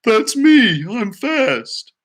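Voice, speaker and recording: Storybook pony, sulky and whiny, played by a man in a high, bright, teary voice. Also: very animated, extremely slow, vocal fry, heavily acted. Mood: proud. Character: sulky, wounded talking pony.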